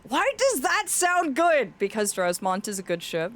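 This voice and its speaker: Woman streamer talking to chat, warm pet names, bouncy pitch, voice cracks sometimes. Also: sing-song, measured pace. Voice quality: voice cracks now and then. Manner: affectionate, reads chat aloud, often laughs. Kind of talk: casual live-stream chat.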